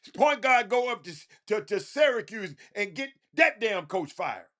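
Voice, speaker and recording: A man's voice: high voice, big pitch swings, normal speed, a bit bright. A man hosting a casual talk show monologue, preachy and repetitive, often stammering and restarting his sentences. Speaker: show host. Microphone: phone call.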